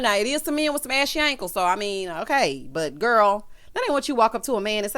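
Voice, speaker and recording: A woman's voice: medium pitch, very animated, a little fast, few pauses, fairly bright tone. A young woman hosting a casual reality show recap, sassy and chatty, calling viewers honey and child. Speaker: YouTube recap host.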